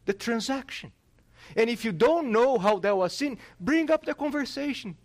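A middle-aged male pastor preaching a sermon, emphatic and animated, often restarting his words. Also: very high-pitched, moderate pace.

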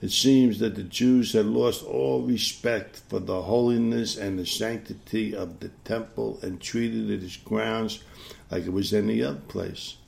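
A male preacher delivering a sermon in a gravelly, somewhat low voice. He hammers his points home, repeating key phrases and firing off rhetorical questions at the congregation. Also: fairly even intonation, measured pace, darkish tone.

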